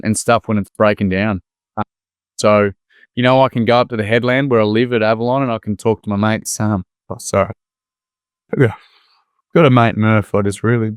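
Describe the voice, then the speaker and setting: A middle-aged Australian man, a former teacher, telling stories in an earnest, animated way full of casual slang. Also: on the low side, clear, resonant tone, dry recording, studio quality. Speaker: guest, former primary school teacher. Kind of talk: casual conversational storytelling.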